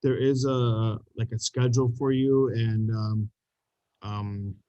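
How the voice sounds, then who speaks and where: A man's voice: medium pitch, steady tone, slow pace, warm tone, no echo, muffled recording. Guy from the school doing announcements on zoom, lots of ums, dry sound. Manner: hesitant, full of ums and uhs. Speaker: school staff member. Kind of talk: announcements on a video call. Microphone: video call.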